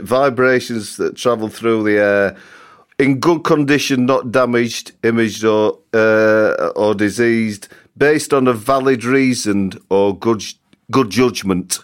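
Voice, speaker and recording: A man co-hosting a podcast who explains the meanings of words. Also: on the low side. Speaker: co-host. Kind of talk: podcast talk.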